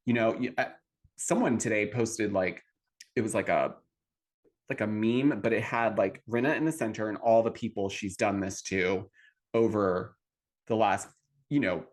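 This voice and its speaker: A man hosting a casual podcast chat, rambling with lots of fillers and animated asides. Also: lowish voice, moderate pace. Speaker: podcast host.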